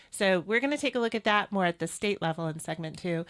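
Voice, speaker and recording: A woman's voice: mid-range voice, expressive, fast, hardly any pauses, a bit bright. A woman hosting a political talk show, speaking in an earnest, opinionated, conversational way. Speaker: host.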